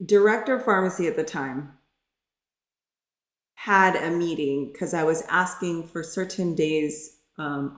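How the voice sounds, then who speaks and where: A woman in middle age recounts her own experience in an open, earnest, conversational manner. Her voice sits low, and the sound carries the echo of the room around her. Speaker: pharmacist telling her story. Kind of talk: personal storytelling.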